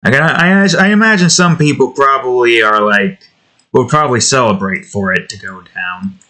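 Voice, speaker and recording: A young man with a bright, forceful tone rambles casually as he draws. He talks in an offhand, self-deprecating way and drifts between topics. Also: medium pitch, moderate pace. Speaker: artist and channel host. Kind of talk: casual chat while drawing.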